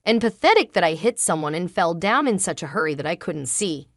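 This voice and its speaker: A woman narrating a first-person dramatic story in an emotional, halting way. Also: on the low side, very animated, no echo, clean studio sound.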